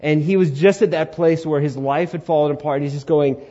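Animated young male preacher, muffled sound. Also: on the high side, fairly quick, hardly any pauses. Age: 20s. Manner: animated storytelling, swings from loud to hushed. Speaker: pastor. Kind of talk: sermon.

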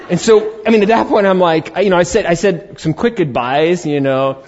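A man's voice: high-pitched, a little fast, hardly any pauses. A middle-aged man, a pastor, telling a personal story in a sermon in a conversational way and acting out the dialogue. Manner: animated, conversational, acts out dialogue. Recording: dull lo-fi recording.

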